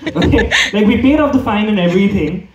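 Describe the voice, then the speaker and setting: High, animated male stand-up comic. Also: fairly quick, muffled recording, crowd noise. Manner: rambling, lots of fillers and restarts. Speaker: stand-up comedian. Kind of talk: stand-up comedy set. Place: comedy club stage with audience. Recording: echoey room, mic far off. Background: audience laughter.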